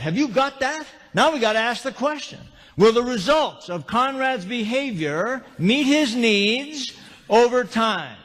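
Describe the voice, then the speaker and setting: A motivational speaker with a very high, animated, slightly bright voice talks unhurriedly during a live seminar in a large lecture hall. He tells humorous stories and puts questions to the audience, with long hall reverb on the recording.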